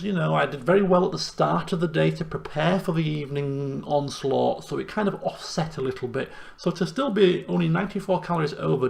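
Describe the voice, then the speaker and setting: A young man chatting casually in a diary vlog, lively and self-deprecating. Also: a little high, vocal fry. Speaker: vlogger.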